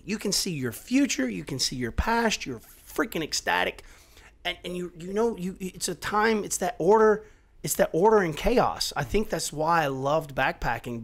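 Profane, animated middle-aged man. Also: high voice. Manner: animated and profane, swears often, voice rising as he gets worked up. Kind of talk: casual chat.

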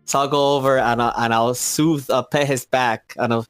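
A man playing a tabletop game over a podcast mic, playful and quick to laugh. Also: medium pitch, steady tone, clean tone, dry recording, soft background music. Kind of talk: casual tabletop game play.

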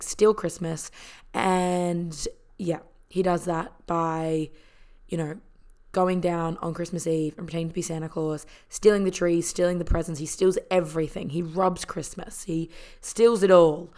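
A woman casually retelling a movie in a chatty, heartfelt way, full of fillers and the odd swear word. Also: fairly low pitch. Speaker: vlogger.

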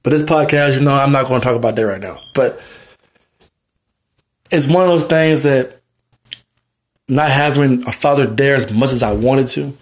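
A man's voice: medium pitch, moderate pace, pauses often. Earnest young man rambling heartfelt. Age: young adult. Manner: rambling, heartfelt, repeats "you know what I mean". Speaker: podcast host. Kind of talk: personal monologue.

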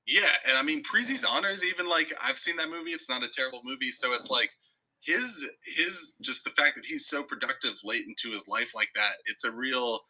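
A man's voice: medium pitch, a little fast, slightly rough, low-quality recording. A man co-hosting a podcast, chatting casually about a film and laughing often. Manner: relaxed, laughs often, restarts sentences. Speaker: podcast co-host. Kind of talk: casual film review chat.

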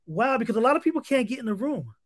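A male podcast host who talks excitedly, stammering and restarting his sentences often. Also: very high voice, rapid-fire, dry recording. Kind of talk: casual interview talk.

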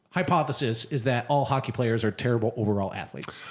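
A man's voice: medium pitch, expressive, fairly quick. A man hosting a casual podcast, playful and teasing. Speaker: podcast host.

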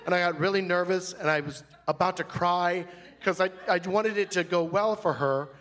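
A man's voice: high-pitched, moderate pace, a bit bright. A man playing a flamboyant, fussy character in a live comedy monologue, rambling in a prissy, gossipy way on a stage mic. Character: flamboyant, fussy, chatty man telling a grievance. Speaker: stand-up comic in character.

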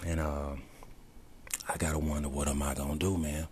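A man's voice: extremely low pitch, flat delivery, normal speed, long pauses, noisy background. A man talking reflectively in a personal video diary, emotional and holding back tears, often dropping to a whisper and leaning on the word "man". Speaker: vlogger.

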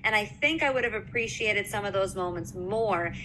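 A woman's voice: medium pitch, normal speed, pushed and bright, a little hiss or hum. A woman podcast co-host on a video call, talking through her opinions in a casual chat, thinking aloud with filler words and checking in with "right?". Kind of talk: casual chat, film review.

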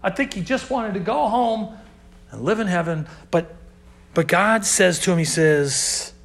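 Young male youth pastor with a high voice. Casual sermon, loud stressed lines that drop to hushed asides. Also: expressive, moderate pace, gravelly. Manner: swings between loud emphasis and hushed, dropped asides; casual, talks to the audience as dude and man.

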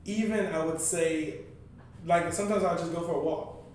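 A man with a high voice talks casually on a podcast, telling animated stories and acting out other people's lines. He sits far from the microphone, so his voice rings around a very echoey room with a faint low rumble behind it. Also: moderate pace. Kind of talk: casual chat.

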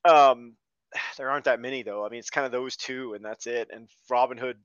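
A man co-hosting a podcast, chatting casually about films in an animated, storytelling way. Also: mid-range voice, a little fast, clear, resonant tone, no echo. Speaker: podcast co-host. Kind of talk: casual film review chat. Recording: dull, dry lo-fi mic.

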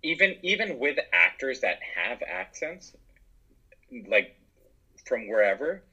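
A man's voice: mid-range voice, very animated, takes it slowly, pushed and bright, husky. A man with an American accent, talking as a podcast guest about acting and writing in a casual, earnest, reflective way. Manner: earnest, reflective, with frequent restarts. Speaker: podcast guest, actor and writer. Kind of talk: casual conversation. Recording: dull, lo-fi.

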